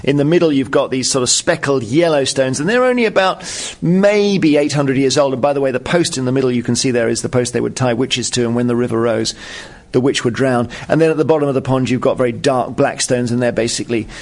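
A man's voice: mid-range voice, quick pace. A man who is a radio presenter and author, telling stories as a guest in a chatty, amused way. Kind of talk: anecdotal storytelling in interview.

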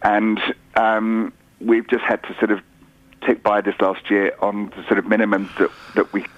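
A shop owner man speaks in a plain, measured and somewhat weary way as a radio phone guest. His voice is low and the line sounds muffled and dry. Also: completely flat delivery, dry recording.

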